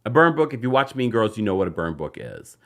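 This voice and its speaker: A man hosting a casual reality TV recap show, chatting and reading a sponsor spot. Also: quick pace. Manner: animated, chatty, jumps up in pitch for emphasis.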